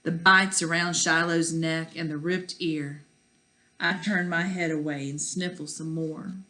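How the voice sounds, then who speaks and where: A woman's voice: low-pitched, steady tone, measured pace, sharp tone. A woman teacher reading a children's novel aloud, with chatty asides to the kids.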